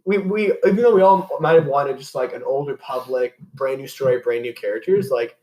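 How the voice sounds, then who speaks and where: A man's voice: medium pitch, brisk, mellow. Young guy podcasting, rambly, lots of "like" and "you know", roomy echo. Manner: rambling, many fillers and restarts. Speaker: podcast host. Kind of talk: casual chat. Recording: echoey room.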